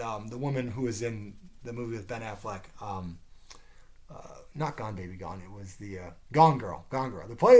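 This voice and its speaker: A caffeinated man ranting through a profane TV series review, swearing heavily and sounding exasperated. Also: medium pitch. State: caffeinated, wired.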